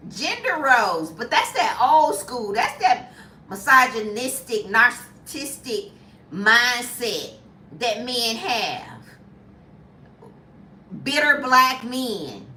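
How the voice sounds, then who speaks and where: A woman in her fifties chatting casually as a vlogger, emphatic and quick to laugh. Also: on the high side, big pitch swings, sharp tone, slight background noise. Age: 50s. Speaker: lifestyle vlogger. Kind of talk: casual live chat. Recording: echoey room from a distance.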